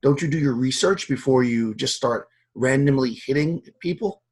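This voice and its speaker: A man's voice: medium pitch, moderate pace, breathy edge, pitched above the performer's own voice, close to an everyday voice. A man voicing a commanding armored female officer who interrogates guards.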